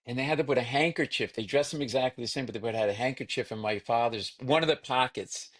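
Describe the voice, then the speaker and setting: A man spins family anecdotes in conversation, his voice rising and dropping as he acts out relatives. He talks in quick bursts with plenty of fillers and restarts. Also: medium pitch. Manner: animated storyteller who acts out family characters. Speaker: comedian guest. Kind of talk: storytelling in casual conversation.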